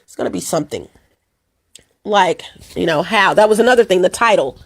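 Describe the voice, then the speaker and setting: Woman vlogger, hoarse, loose and repetitive, keeps calling out to her viewers. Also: fairly low pitch, fairly quick. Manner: rambling and repetitive, addresses viewers as "you guys". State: hoarse from allergies and a cold. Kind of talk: casual chat to camera. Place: at home.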